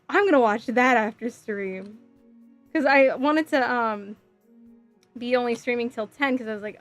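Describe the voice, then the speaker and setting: Giggly lady streamer chatting w her chat, kinda high voice, soft music in the back. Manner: chatty and giggly, thinks out loud. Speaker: live streamer. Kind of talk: casual live-stream chat, reading chat aloud. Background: faint music.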